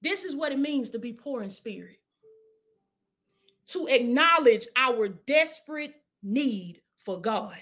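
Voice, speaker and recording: Woman preacher with a high voice, casual sermon delivery that swings between urging and soft prayer. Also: animated, slow. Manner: preaching with call-and-response, dropping to hushed prayer.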